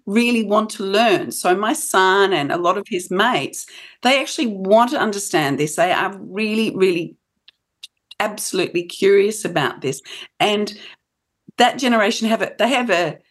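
A woman talking through ideas on a discussion show, thoughtful and full of restarts. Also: mid-range voice. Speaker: panel guest. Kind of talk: casual discussion.

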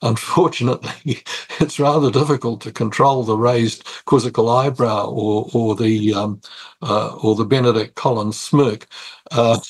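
A man with a somewhat husky voice speaks in a casual panel discussion. He makes dry remarks and chuckles through them. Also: mid-range voice, steady tone, unhurried. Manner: wry, chuckling asides. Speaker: panel guest.

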